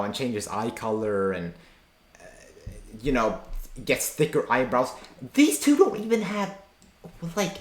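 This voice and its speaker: A man's voice: medium pitch, a bit bright, roomy sound. A man streaming a reaction video, talking casually and incredulously with lots of fillers and slang.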